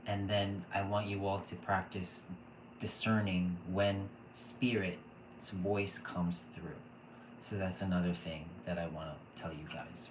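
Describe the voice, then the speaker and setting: A man in his thirties teaching a casual online intuition class, gushing and excitable and often laughing. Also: low voice, slow. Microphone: computer mic, off camera. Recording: echoey room with faint noise.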